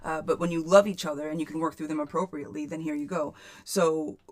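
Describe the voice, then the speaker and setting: A woman's voice: low-pitched, steady tone, fast talker, darkish tone. A woman giving a chatty live-stream tarot reading, reading viewers' questions aloud and calling them girl and friend. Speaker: tarot reader.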